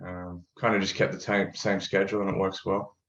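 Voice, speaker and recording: A laid-back Australian man, chatting as a guest and telling his story with dry jokes. His voice sits a little low, and it comes through slightly dull and echoey, like a room recording. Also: level tone, brisk. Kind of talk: casual interview chat.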